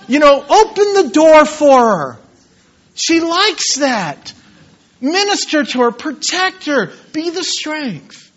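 A man in his thirties preaching a sermon, telling stories with lively acted-out shouts. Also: very high voice, slow pace, muffled recording. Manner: animated storytelling, acts out scenes with shouts.

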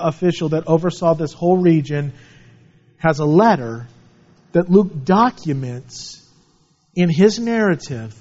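High-voiced earnest preacher, lo-fi. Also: male voice, darkish tone. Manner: earnest, reads scripture aloud and explains it. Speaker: pastor. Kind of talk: sermon.

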